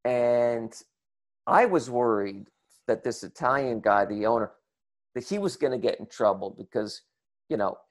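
Man telling a lively comic anecdote. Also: medium pitch. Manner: animated, acts out voices and shouts in the retelling. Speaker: storyteller. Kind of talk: comic anecdote told to an audience.

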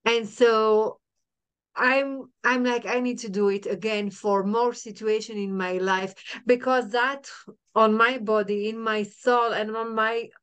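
Middle-aged woman, podcast guest; smooth voice, halting restarts, repeats herself. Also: on the high side, steady tone, fairly bright tone. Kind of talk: emotional personal storytelling.

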